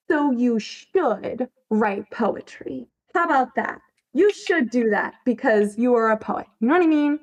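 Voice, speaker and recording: A woman's voice: on the high side, expressive, measured pace. A woman chatting casually on a livestream, emphatic, swearing freely and laughing often as she answers her chat. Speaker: fanfiction writer on a livestream.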